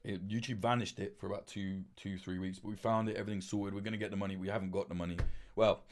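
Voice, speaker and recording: A late-twenties livestream host talks quickly in a fairly low voice with fairly even intonation. His casual chat wanders, peppered with swearing, fillers, and restarts.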